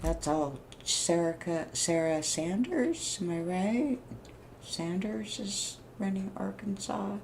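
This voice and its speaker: A woman's voice: mid-range voice, animated, slow, creaky, background noise. A woman around sixty talking casually to her camera, blunt and frustrated, swearing freely and laughing at herself. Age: 60s. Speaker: vlogger. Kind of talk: casual rambling monologue.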